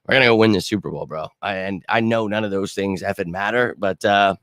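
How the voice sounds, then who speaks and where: A middle-aged man hosting a fan live stream, chatting casually with viewers in an excitable, slangy way and bursting into shouts now and then. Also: on the low side, brisk, no echo, clean studio sound. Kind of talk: casual live chat answering viewer comments.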